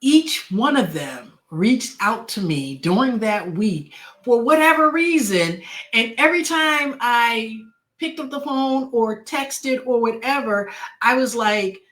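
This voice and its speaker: A woman's voice: fairly high pitch, animated, slow, a bit bright. Emotional grieving woman sharing her story. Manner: heartfelt, repeats words, many fillers. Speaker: podcast host. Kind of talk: personal talk on grief.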